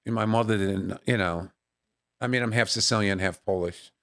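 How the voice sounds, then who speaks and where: A man's voice: fairly low pitch, normal speed. A middle-aged male comedian chatting in an interview, telling family stories with lots of fillers and bursts of laughter. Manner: animated storyteller who acts out family voices. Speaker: guest comedian. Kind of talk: casual storytelling interview.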